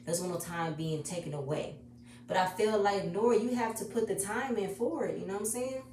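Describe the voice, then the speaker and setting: A woman's voice: mid-range voice, brisk, warm tone, a little hiss or hum. A woman giving a casual, emotional recap of a reality show episode, talking chatty and repeating herself. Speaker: reality TV reviewer. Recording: echoey room, distant mic.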